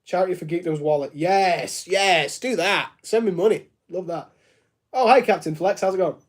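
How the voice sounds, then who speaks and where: A man's voice: high voice, moderate pace. Chatty man on a live stream. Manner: chatty and joking, laughs often, many fillers like "like". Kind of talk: casual live-stream chat answering viewer comments. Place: home studio room.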